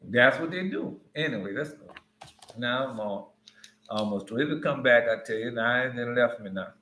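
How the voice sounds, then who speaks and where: A man's voice: mid-range voice, lively intonation, moderate pace, pushed and bright, a little hiss or hum. A man giving an informal Bible teaching in a conversational, rambling way with frequent asides. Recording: roomy echo.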